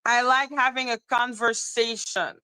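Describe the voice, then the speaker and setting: A woman hosting a livestream, talking straight to her chat in an animated, repetitive rant broken up by laughter. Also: a little high, measured pace, smooth, no echo, low-quality recording. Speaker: livestream host.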